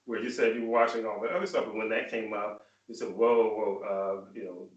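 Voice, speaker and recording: Host, male, lowish voice, halting and rambling, mic far off in a roomy space. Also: fairly even intonation, fairly bright tone. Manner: rambling, halting, with many filler sounds. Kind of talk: casual discussion.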